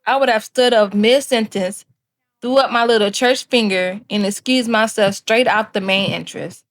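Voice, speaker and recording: A woman's voice: fairly high pitch, fairly even intonation, normal speed. A woman hosting scripted commentary in a sassy way, talking straight to her viewers. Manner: sassy, addresses viewers as cousins. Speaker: host.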